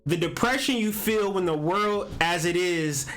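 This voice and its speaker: A man's voice: sits high, unhurried, fairly bright tone, soft background music. A man hosting a spiritual astrology and tarot video, talking casually in a meandering, emphatic way with casual swearing. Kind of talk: casual spiritual talk to camera.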